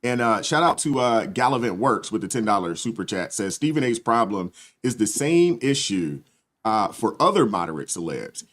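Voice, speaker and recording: A man hosting a live stream, reading out viewer comments in a somewhat low voice. His manner is relaxed and chatty, and he drops agreeable asides between comments. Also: normal speed. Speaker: host.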